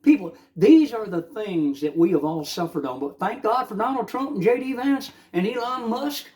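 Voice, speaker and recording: An older man with a drawl talks straight to the camera in a loose, rambling morning monologue. He gets fervent and stacks up filler uhs and restarts. His voice sits a little high for a man. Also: animated, moderate pace, a little mellow. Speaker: vlogger.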